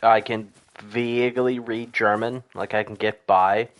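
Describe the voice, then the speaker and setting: A man's voice: on the low side, fairly even intonation, a little slow. A tired man giving casual gameplay commentary as a streamer, mumbling and swearing, sometimes joking in a mock Russian accent. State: tired, exhausted. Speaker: game streamer.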